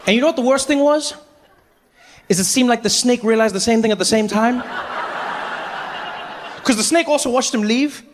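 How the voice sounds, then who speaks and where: A man does stand-up storytelling with an animated, fast-shifting delivery. His voice sits high for a man. He plays to a large theater with a long reverb and faint ambient noise behind him. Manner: animated, jumps between voices. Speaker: stand-up comedian. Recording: live hall with long reverb.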